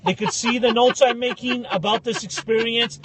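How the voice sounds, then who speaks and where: A young man co-hosting a podcast, telling animated comic stories and acting out the people in them. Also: very high voice, moderate pace. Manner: animated, acts out voices in anecdotes. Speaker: podcast co-host. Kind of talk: casual comedic storytelling.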